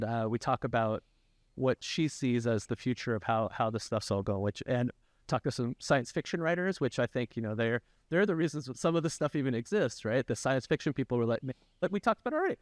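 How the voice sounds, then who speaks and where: Guesting on a tech podcast, this developer educator talks in an animated, casual way, frequently restarting and capping his points with "right?". His voice sits at medium pitch and runs fairly quick, on a dry recording.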